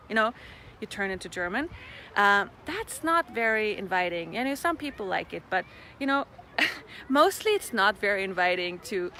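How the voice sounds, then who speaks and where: A woman with a bright, clear voice gives a chatty, playful motivational talk outdoors. She is relaxed and quick to laugh, and she repeats set phrases. A faint hum of traffic sits behind her. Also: mid-range voice. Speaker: facilitator of a personal-development class. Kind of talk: casual motivational talk to camera.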